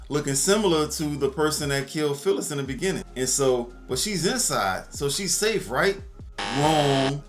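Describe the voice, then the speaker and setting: A man's voice: medium pitch, fairly bright tone. A man recapping a movie in a casual, jokey way, telling the story with exaggerated reactions. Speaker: movie reviewer.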